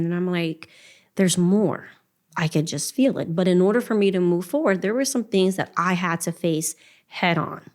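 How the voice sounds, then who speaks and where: A middle-aged woman shares her story as a podcast guest, earnest and emotional. Her voice sits a little low, and she often slips into quoting her own prayers. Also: a little mellow. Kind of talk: personal testimony in a podcast interview.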